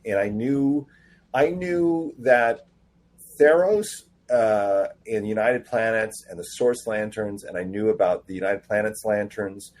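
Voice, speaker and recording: A man guest on a casual podcast interview, telling animated stories and acting out quoted dialogue. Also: fairly low pitch, measured pace. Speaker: comic book writer guest.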